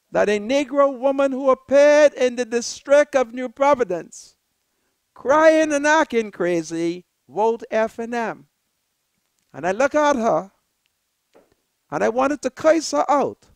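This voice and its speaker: A Bahamian woman hosting a political talk show, giving an impassioned monologue in a preacherly way that rises to shouted appeals. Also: high-pitched, no room sound. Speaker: political commentator, show host.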